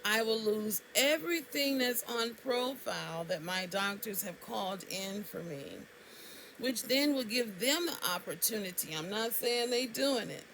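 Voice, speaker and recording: A woman's voice: mid-range voice, vocal fry, a bit bright, slight background noise, low-quality recording. A woman tells a story to camera in a casual, indignant way, and her voice jumps up sharply on exclamations. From Alabama, US. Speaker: vlogger.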